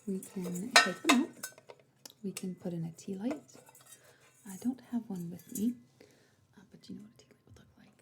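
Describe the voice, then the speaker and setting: A woman's voice: mid-range voice, normal speed, long pauses, noisy background, lightly acted. Woman doing a whispering party planner. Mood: gentle. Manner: soft, reassuring sales talk. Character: attentive female event planner showing decorations. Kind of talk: whispered role-play.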